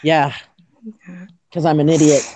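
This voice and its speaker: Out in freezing weather, a Canadian livestream host speaks a little slowly in a low, dark voice with little pitch movement, over slight background noise. Stuttering and shivering from the cold, she jokes around, giggling and poking fun at herself.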